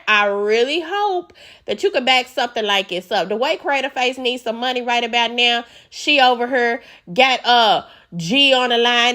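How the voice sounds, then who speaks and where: A woman's voice: sits high, a bit bright. A woman giving sassy, outspoken, profane commentary as she recaps a reality show.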